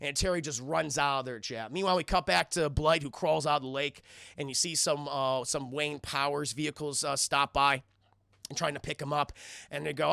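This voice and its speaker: A man giving a casual, excitable and profane commentary as a cartoon reviewer, often talking to his chat. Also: on the high side, moderate pace, gravelly, dry recording, studio quality.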